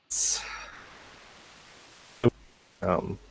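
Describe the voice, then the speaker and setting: A man teaching a casual lesson over a voice call, halting with fillers and short laughs. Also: a bit bright, a little hiss or hum, poor audio. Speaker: language teacher.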